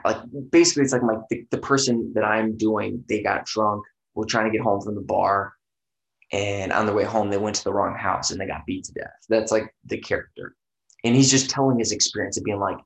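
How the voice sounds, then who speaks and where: A man with a low, gravelly voice rambles through a casual podcast chat, loose and profane and full of "you know"s. The sound is roomy, with a clear echo off the walls.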